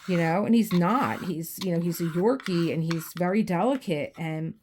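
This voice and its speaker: A tired, low-energy woman chatting casually while doing a craft, rambling with many restarts and growing teary as she tells personal stories. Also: moderate pace, darkish tone, slight background noise. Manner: rambling, restarts often, emotional storytelling. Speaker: crafting channel host. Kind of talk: casual chat while diamond painting. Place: home room.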